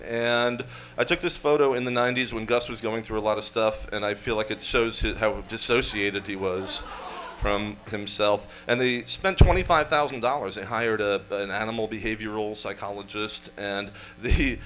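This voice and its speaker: Wry deadpan man. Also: lowish voice, slight background noise, rough recording. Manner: wry, deadpan asides with quick jokes. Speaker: storyteller presenter. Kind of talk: comic history talk to a live audience. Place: event room with live audience.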